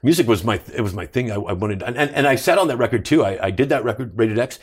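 A man in his fifties, a podcast guest, telling animated stories and swearing often. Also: mid-range voice, fast talker. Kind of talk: casual storytelling interview.

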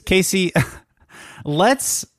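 A man with a mid-range voice co-hosts a podcast in relaxed conversation. He is self-deprecating and stumbles over tricky words now and then, and his voice sounds dry and close. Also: sits high, very slow, no echo. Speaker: podcast co-host. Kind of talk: casual chat.

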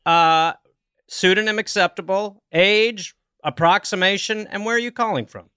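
A man's voice: sits high, normal speed, sharp tone, smooth, dry recording. A man co-hosting a call-in podcast, teasing and playful as he welcomes callers and guests on a studio microphone. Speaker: podcast co-host. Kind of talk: joking call-in podcast chat.

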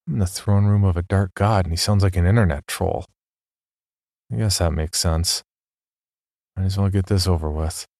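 A man's voice: low voice, steady tone, moderate pace, pauses often, darkish tone, no echo. A man telling a first-person horror story as a scripted narration, with wry, dry humor.

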